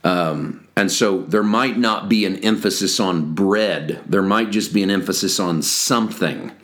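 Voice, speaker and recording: A man's voice: low voice, measured pace, fairly bright tone. A man giving a conversational devotional Bible teaching for a podcast, stopping now and then to correct himself and start over. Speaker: pastor.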